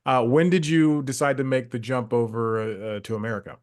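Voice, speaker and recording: A man's voice: medium pitch, fairly even intonation, brisk. A man hosting a podcast, interviewing a guest and laughing often between friendly questions. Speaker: podcast host.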